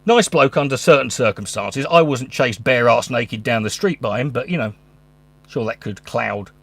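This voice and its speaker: A man's voice: medium pitch, expressive, moderate pace, vocal fry, fairly bright tone, breathy edge. A man, a stand-up comedian, talking casually at home in a rambling, sweary, stop-start way. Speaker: stand-up comedian and channel host. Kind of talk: casual monologue. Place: his room at home.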